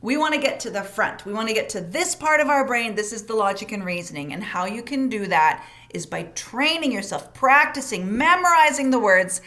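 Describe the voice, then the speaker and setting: A woman teaching a parenting course session, encouraging and expressive, with quick bursts and emphatic stresses. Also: on the high side.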